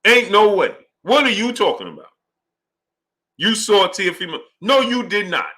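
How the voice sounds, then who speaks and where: A man's voice: high voice, normal speed. A man hosting a live boxing talk stream, arguing heatedly and greeting viewers by name. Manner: animated and heated, greets chat names.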